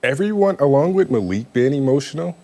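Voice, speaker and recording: A man's voice: medium pitch, lively intonation, a little fast, mellow. A man reporting for a local TV news show, talking conversationally with frequent ums. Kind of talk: live news debrief.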